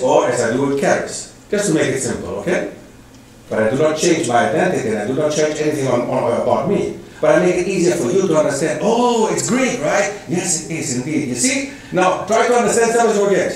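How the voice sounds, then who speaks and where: Male guest lecturer, high voice, emphatic and questioning, echoey hall mic set back. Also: a little mellow, far from the mic, a little hiss or hum. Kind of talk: public lecture.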